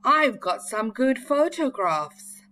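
A woman voicing Biff, an eager young girl exploring, in an excited exclaiming voice. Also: a little high, takes it slowly, a little hiss or hum, voice pushed up, exaggerated voice. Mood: delighted.

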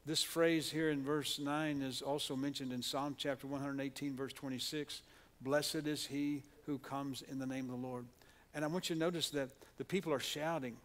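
In a church sanctuary, a pastor with an Oklahoma Southern US accent preaches earnestly, often restarting and repeating words while leading the congregation in call-and-response. His mid-range voice holds a steady tone at a moderate pace, with hardly any pauses.

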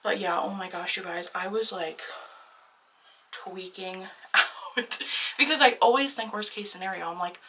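Chatty young woman, bright voice. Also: medium pitch, a little slow, recorded from a distance, a little hiss or hum, low-quality recording. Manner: chatty, lots of "like" fillers, excitable. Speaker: vlogger. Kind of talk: casual storytime chat.

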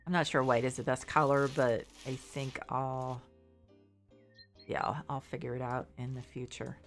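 A woman's voice: extremely low pitch, flat delivery, normal speed, faint music behind. A congested middle-aged woman chatting casually while streaming a game, rambling and second-guessing herself. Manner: rambling, self-doubting, restarts often. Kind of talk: casual gameplay commentary.

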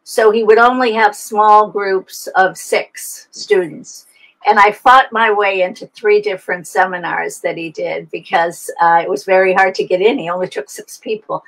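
A woman's voice: medium pitch, fairly even intonation, normal speed, fairly bright tone, low-quality recording. An older woman from the United States, an adoption expert talking reflectively in an interview over a video call, often restarting her sentences. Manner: reflective, storytelling, frequent restarts.

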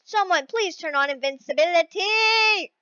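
A young girl talking through an obstacle-course game she is playing, excitable, often shrieking when she fails and pleading with her viewers for help. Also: very high-pitched, moderate pace, no room sound, dull audio. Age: child. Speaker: gaming video creator. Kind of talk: casual gameplay commentary.

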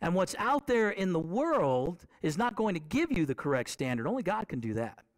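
High-pitched guy preaching, super lively up and down, talks to the church like chatting, repeats stuff for emphasis. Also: moderate pace. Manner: animated, conversational, asks the congregation rhetorical questions; repeats key phrases for emphasis. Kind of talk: sermon.

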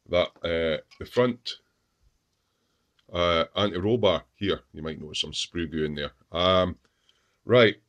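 A man with a deep, low voice talks through his model build at the workbench. He hesitates with frequent ums and restarts as he shows parts to the camera, sometimes drifting away from the mic. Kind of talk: casual workshop show-and-tell.

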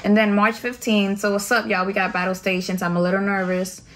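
A woman's voice: medium pitch, flat delivery, fairly quick. Slangy, blunt young woman vlogger. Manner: slangy, profane, candid. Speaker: vlogger recounting Navy boot camp. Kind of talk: casual storytime vlog.

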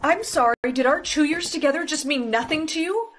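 A woman's voice: high voice, animated, brisk, a little hiss or hum. A young woman acting out dramatic comedic POV skits as the main character, exclaiming her lines. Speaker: skit creator and main character.

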